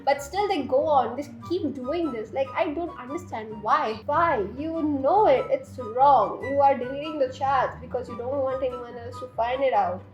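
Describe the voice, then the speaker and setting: A woman's voice: sits high, normal speed, few pauses, highs cut off. A young woman, telling a storytime while doing her makeup, exasperated and laughing as she swears and rants. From India. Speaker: beauty vlogger. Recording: echoey room with faint background music.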